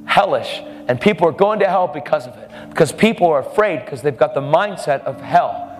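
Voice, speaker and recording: A man preaching a sermon, telling a testimony story in a fervent, emphatic way. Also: a little high. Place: church service hall. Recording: reverberant hall.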